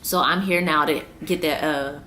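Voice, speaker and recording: A woman in her twenties with a low voice speaks straight to camera in a personal vlog. She talks earnestly and circles back over her points, working to keep from crying. A faint hiss sits under the recording. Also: steady tone, normal speed, pushed and bright. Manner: earnest, repeats herself, trying not to cry. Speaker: vlogger.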